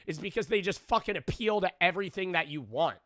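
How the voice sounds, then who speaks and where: A man's voice: sits high, animated, fast, a bit bright, no room sound, studio quality. A young man streaming casual reaction commentary, rambling and sarcastic, swearing constantly.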